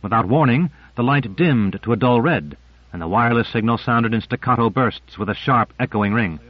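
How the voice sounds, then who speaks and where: Male audiobook narrator, even descriptive reading, mid pitch, muffled lo-fi recording. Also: normal speed, dry recording. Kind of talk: scripted narration.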